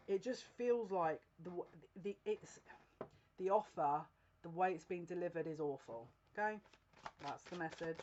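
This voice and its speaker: A woman with a lowish, somewhat dark voice gives a casual, tarot-style general reading to the camera, recorded lo-fi with a bit of hiss or hum. The psychic is earnest and confiding, speaking straight to the viewer, though she keeps dissolving into giggles and restarting haltingly.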